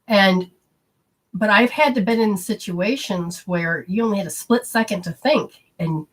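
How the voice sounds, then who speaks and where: A middle-aged woman with a low, husky voice talks in a loose, rambling way. She hosts a spiritual talk show and slips into little acted-out voices when she quotes people. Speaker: spiritual radio host. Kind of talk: casual spoken talk.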